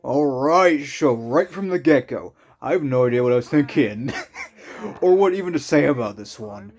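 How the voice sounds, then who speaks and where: Young man, casual commentary, rambling, self-mocking, quick bursts, trailing asides, middle pitch. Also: lively intonation, darkish tone. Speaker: YouTuber reviewing his old videos.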